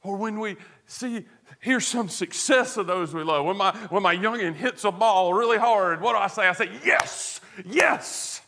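A man preaching a sermon as pastor, earnest, moving between hushed tones and emphatic stress, with rhetorical questions. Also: high voice, normal speed.

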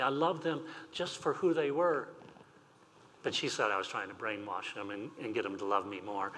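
A man's voice: fairly high pitch, a bit bright. An older man preaching a sermon as pastor, reading scripture and telling personal stories with light humor. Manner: reads scripture aloud then tells personal stories with humor. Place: church sanctuary. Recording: long reverb in a large hall.

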